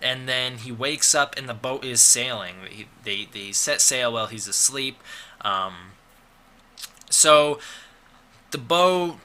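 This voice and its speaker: A man talks through a monster movie plot in a loose, rambling way, full of fillers and sarcastic asides. His voice is very bright and sharp-edged, sitting at an average pitch for a man. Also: slow, a little hiss or hum. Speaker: movie reviewer. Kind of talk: casual film review recap.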